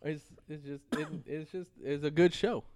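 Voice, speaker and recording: Male podcast host, excitable and jokey, slightly high pitch, dry close sound. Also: moderate pace, no room sound. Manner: excitable, jokey, laughs often. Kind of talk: casual movie chat.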